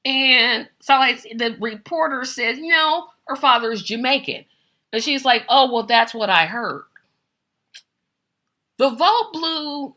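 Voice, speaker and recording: Emphatic woman commentator, bright voice. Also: fairly high pitch. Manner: emphatic and animated, repeats phrases, addresses viewers as "y'all". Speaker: political commentary host. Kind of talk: opinionated live-stream commentary.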